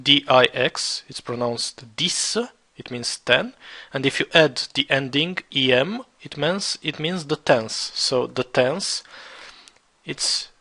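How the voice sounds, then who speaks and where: A man teaching a beginner French lesson, repeating words slowly and spelling them out letter by letter. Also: mid-range voice, bright, forceful tone. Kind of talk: slow beginner language lesson.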